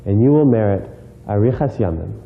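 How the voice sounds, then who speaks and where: A man's voice: on the low side, lively intonation, brisk, vocal fry. Earnest man reciting, tinny sound. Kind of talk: read-out message. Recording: tinny phone-like sound with faint noise.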